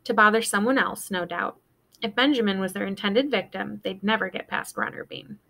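A woman reads a children's novel aloud for her students at a steady middle pitch. She lifts her voice for the characters and drops low for the narration. The delivery is clear and expressive. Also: moderate pace. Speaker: teacher reading aloud. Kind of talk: storybook read-aloud.

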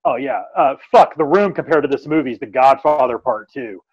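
A man's voice: medium pitch, lively intonation, fairly quick, husky, no echo, dull audio. A man co-hosting a podcast, ranting emphatically in casual chat and swearing constantly. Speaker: podcast co-host.

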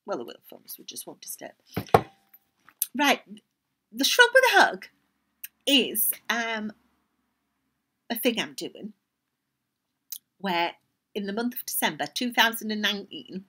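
An older woman speaks with a Geordie accent and a bright, forward tone, chatting her way through a knitting podcast. She rambles off on tangents and often slips into quiet, murmured asides. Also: medium pitch, very animated, a little slow, long pauses. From North East England. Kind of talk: casual chat.

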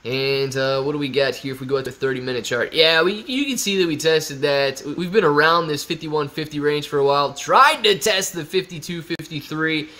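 A man's voice: fairly high pitch, a little fast, hardly any pauses, pushed and bright. A young man hosting a casual live stream, reading viewer comments aloud and joking back, calling everyone man and bro.

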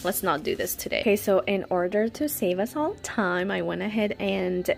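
A woman's voice: mid-range voice, animated, normal speed, creaky, slight background noise. A young woman chatting casually while unboxing albums, gushing and dramatic, full of laughs and sudden whispers. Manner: gushing and dramatic, lots of "like" and "wow", frequent laughs, drops to whispers. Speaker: K-pop fan vlogger.

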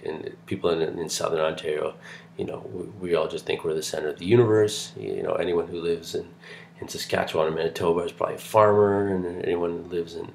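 Man from canada, lecturer, deep voice, gravelly, rambling with ums, faint hiss. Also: fairly even intonation, fairly quick, darkish tone. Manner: chatty, digressive, with many fillers and restarts. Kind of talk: recorded online lecture.

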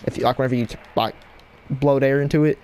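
A man giving live gameplay commentary at his computer desk at home, excitable and yelling at opponents in bursts, on a cheap mic with no windscreen. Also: mid-range voice, quick pace, a little hiss or hum. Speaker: gaming channel host. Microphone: cheap headset mic without windscreen.

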